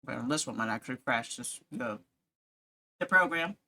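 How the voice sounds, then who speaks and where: A woman's voice: rumbling low, expressive, normal speed, pushed and bright. A woman streamer chatting casually while drawing, rambling, giggling often and joking at her own expense. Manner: giggly, rambling, self-mocking.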